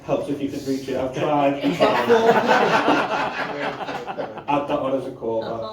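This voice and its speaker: A man's voice: on the high side, sing-song, slow, heavy background noise. A man doing a stand-up comedy set in a bar club, brash and sweary, working the crowd. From England. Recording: roomy club sound, audience laughter, mic at a distance. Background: audience laughing.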